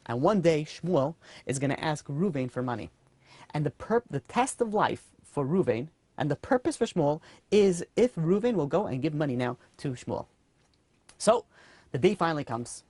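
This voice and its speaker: A man, a rabbi, telling a moral story in a sermon, earnest and animated with casual fillers. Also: on the high side, no echo. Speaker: rabbi teaching a class.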